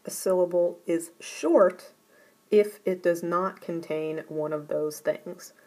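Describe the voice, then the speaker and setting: A woman teacher giving a recorded grammar lesson, explaining rules in a careful, deliberate way. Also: lowish voice, a little mellow, rough recording.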